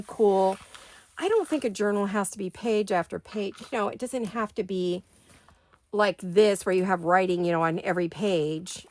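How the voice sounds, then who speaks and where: A woman in her sixties hosting a craft video from her home studio, chatting in a rambling, think-aloud way. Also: medium pitch. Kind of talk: casual chat while crafting.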